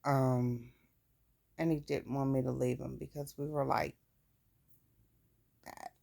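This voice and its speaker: A woman's voice: very deep voice, little pitch movement, takes it slowly, creaky, mellow. A woman recounting her own life story in a candid, plain-spoken way, with casual swearing. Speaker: vlogger. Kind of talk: personal storytelling.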